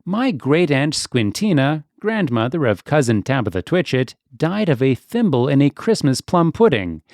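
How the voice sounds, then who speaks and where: A man's voice: fairly high pitch, big pitch swings, normal speed, darkish tone, dry recording, studio quality. A man voicing a prim, proper female cat hostess who speaks in a genteel, disapproving, matter-of-fact way.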